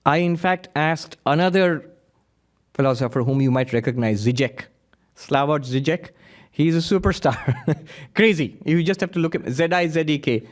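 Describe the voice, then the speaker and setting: A man who is a monk, giving a lively spiritual lecture full of anecdotes and frequent laughter. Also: a little high, moderate pace. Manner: animated storyteller who laughs often.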